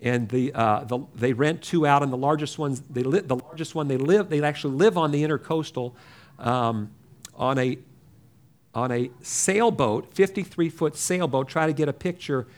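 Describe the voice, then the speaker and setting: A man's voice: mid-range voice, moderate pace. A man in his sixties telling a personal faith story in a rambling, chatty way as a preacher.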